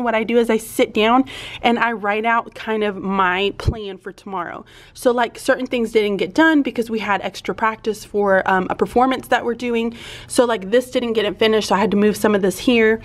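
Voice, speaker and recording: A woman's voice: a little high, fairly bright tone. A woman, a teacher chatting casually and rambling in a vlog from her classroom. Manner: rambling, chatty, many fillers. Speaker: teacher vlogger. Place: empty classroom with lights off.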